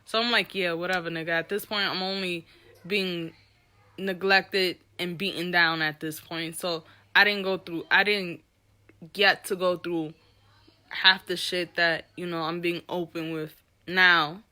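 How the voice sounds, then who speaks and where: A young woman telling a candid personal story with an animated, profane delivery, acting out the people she quotes. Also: fairly low pitch, a little slow. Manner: animated, profane, reenacts dialogue.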